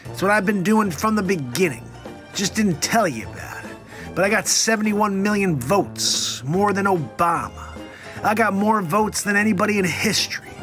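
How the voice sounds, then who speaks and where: A man's voice: high voice, expressive, moderate pace, a bit bright, faint music behind. A man doing a comedic impression of an elderly male president who rambles through a victory speech with meandering asides. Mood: rambling.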